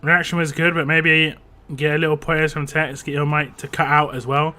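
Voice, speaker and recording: Bright-voiced young man, chatty streamer. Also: on the high side, flat delivery, normal speed, faint music behind. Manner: rambling, chatty, laughs often, reads chat aloud. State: voice a bit rough after a drink. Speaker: game streamer. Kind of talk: casual live-stream chat.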